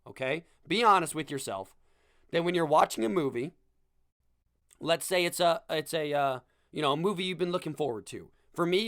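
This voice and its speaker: A man's voice: a little high, a bit bright, no room sound, studio quality. A young man hosting a podcast, delivering a sarcastic comedic rant with self-deprecating asides. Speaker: podcast host. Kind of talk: comedic monologue.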